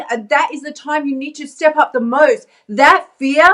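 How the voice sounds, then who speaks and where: A woman with a fairly high voice gives a motivational pep talk straight to camera. She talks in a chatty, emphatic way and laughs often. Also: steady tone, moderate pace, fairly bright tone. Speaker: vlogger and life coach.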